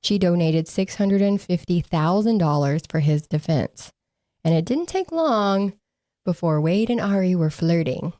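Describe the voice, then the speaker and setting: A woman with a lowish, mellow voice recaps a case in casual podcast chat. She is sarcastic and often laughs, with mocking asides. The sound is dry and close. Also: expressive, measured pace, no echo. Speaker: podcast co-host.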